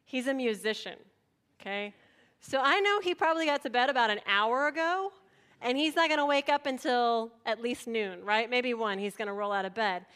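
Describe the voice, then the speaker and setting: Woman pastor, middle-aged, sermon delivery, animated storyteller who acts out voices, higher-pitched. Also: normal speed.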